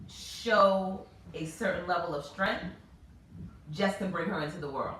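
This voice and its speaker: Expressive woman in an echoey room. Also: fairly low pitch, a little hiss or hum. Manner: animated, expressive storytelling. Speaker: host. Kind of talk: casual chat. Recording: echoey room, mic far off.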